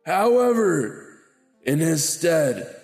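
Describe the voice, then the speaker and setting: A man doing a booming stadium announcer. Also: very animated, drawn-out words, echoey room, soft background music, full character voice. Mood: announcing. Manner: loud announcing.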